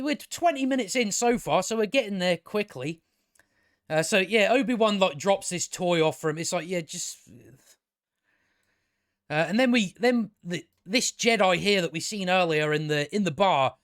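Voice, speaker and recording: Sweary rambling man, high voice. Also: fairly bright tone. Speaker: video reviewer. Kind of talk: casual commentary over clips.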